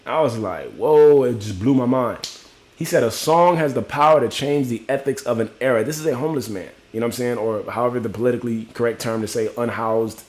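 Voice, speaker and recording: A young man from Miami talks casually to his livestream viewers in a loose, rambling way. He leans on "you know what I'm saying" and breaks off to greet viewers by name. His pitch sits in a typical middle range for a man. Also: fast. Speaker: livestream host.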